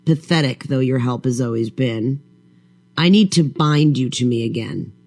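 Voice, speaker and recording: A man's voice: medium pitch, normal speed, darkish tone, natural voice. A man doing a sneering undead husband. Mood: mocking. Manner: mocking, contemptuous drawl.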